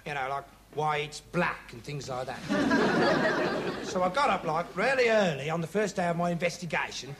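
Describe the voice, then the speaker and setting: Man doing a clueless, earnest young investigator type for a TV sketch; high, swooping, rambling, with a laughing studio crowd. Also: lively intonation, moderate pace, natural voice. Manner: meandering, earnest, full of 'like' and 'right'. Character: dim rambling young man playing a self-styled investigator. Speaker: comic investigator character. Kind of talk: rambling comic monologue to camera. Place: TV studio before a live audience. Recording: TV studio with audience laughter and noise.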